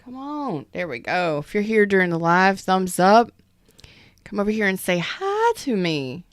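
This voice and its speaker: A woman giving a casual live tarot reading, keeping her voice low and soft while she recovers. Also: sing-song, measured pace, no echo, studio quality. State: recovering from an illness. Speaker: tarot reader.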